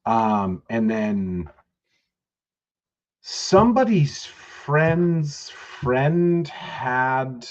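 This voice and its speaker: A man's voice: medium pitch, very animated, drawn-out words, highs cut off. A man co-hosting a podcast, telling rambling, profane stories in casual chat. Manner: rambling, profane storytelling with laughs. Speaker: podcast co-host.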